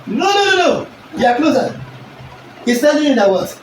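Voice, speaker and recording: A male teacher, giving an animated lesson and constantly checking that the class understands. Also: extremely high pitch, normal speed, a little hiss or hum. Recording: echoey room recorded from a distance.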